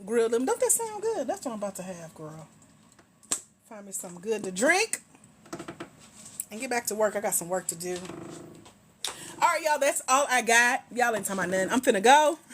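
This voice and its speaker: A middle-aged woman hosting a casual livestream, a grant coach who chats with viewers in a teasing, slangy, relaxed way while walking around at home, a little tired. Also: on the high side, a little fast, long pauses, slight background noise. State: tired, low energy.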